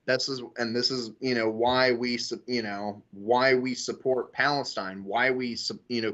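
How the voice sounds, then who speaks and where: A man in a casual political discussion who talks haltingly and fills nearly every pause with "you know". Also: medium pitch, a bit bright. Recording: dull lo-fi audio.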